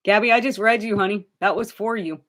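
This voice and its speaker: A woman's voice: mid-range voice, fairly even intonation, a little fast, fairly bright tone. A woman giving live tarot readings to viewers, chatty and direct, addressing them by name and calling them honey. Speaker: tarot reader.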